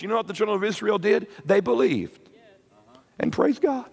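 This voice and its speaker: Impassioned preacher man, high voice, reverberant hall. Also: very animated, normal speed, gravelly, pauses often, breathy edge. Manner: impassioned, builds to shouted high peaks, repeats words. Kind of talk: sermon. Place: church or camp meeting hall.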